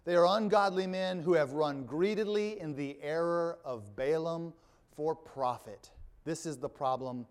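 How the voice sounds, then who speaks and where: A man's voice: fairly high pitch, a little slow, smooth. A male pastor preaching a sermon, reading scripture aloud and explaining it, with wry asides.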